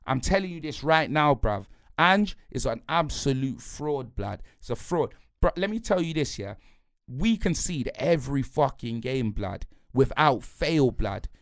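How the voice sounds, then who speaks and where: A man's voice: medium pitch, big pitch swings, unhurried, no room sound. Brief: angry man mid-rant, slangy and repetitive, dry close sound. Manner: heated, slangy, repetitive, punctuates lines with "blood" and "fam". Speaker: football fan pundit.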